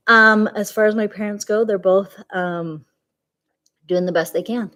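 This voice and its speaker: A woman in her forties gives a tired, candid vlog update in a lowish voice. She rambles, trails off and restarts her thoughts. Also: fairly even intonation, moderate pace. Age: 40s. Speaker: vlogger.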